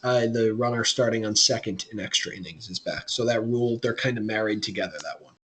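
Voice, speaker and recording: A man's voice: fairly quick, fairly bright tone, slight background noise. A young man co-hosting a podcast, talking sports in a casual, rambling way that turns heated when he rants. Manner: rambling, gets heated and high when ranting. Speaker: podcast co-host.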